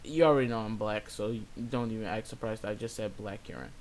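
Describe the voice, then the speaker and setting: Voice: mid-range voice, fast talker, slight background noise. A young adult retail worker telling a story in a casual, exasperated rant full of swearing. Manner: profane, exasperated, lively.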